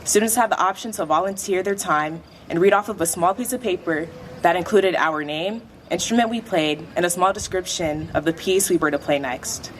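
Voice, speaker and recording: A graduating teenage girl reads a prepared speech at a school awards dinner into a microphone, in a measured, reflective way. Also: on the low side, slight background noise. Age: late teens. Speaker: graduating student speaker. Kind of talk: prepared speech read aloud.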